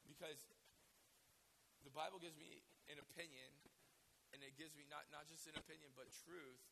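A hoarse man with a raspy voice preaching a sermon, emotional and given to repeating words as he starts a phrase. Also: on the high side, sharp tone, a little hiss or hum, poor audio. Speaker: pastor.

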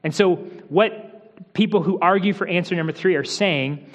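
A man's voice: high voice, normal speed, big-room sound, dull audio. A man preaching a sermon as a pastor, explaining a passage with frequent restarts. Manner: explanatory teaching with restarts, softens for quoted lines.

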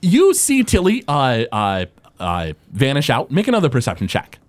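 A man's voice: medium pitch, wildly swooping pitch, moderate pace, dry recording. A man narrating as game master of a tabletop game, loose and chuckling, with frequent hesitations.

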